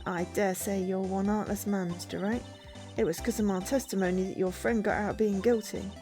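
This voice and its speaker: A woman voicing a brash, loud woman photographer in a put-on South London accent, reading game dialogue aloud with voices. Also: mid-range voice, fairly even intonation, moderate pace, soft background music, lightly acted. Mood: brassy, pushy.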